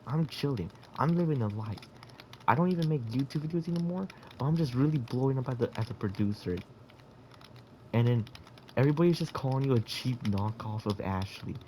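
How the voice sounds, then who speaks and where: Young guy gamer, very lively pitch, rambling crude storyteller who chuckles and restarts. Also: a little hiss or hum. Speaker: gamer telling a story in voice chat. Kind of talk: casual game chat.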